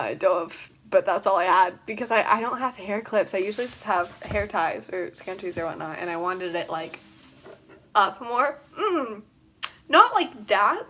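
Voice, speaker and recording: Young woman just chatting on a livestream, giggles a lot, voice a bit on the high side. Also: fairly bright tone. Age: young adult. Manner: giggly, rambling, many fillers. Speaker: vlogger. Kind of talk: casual livestream chat.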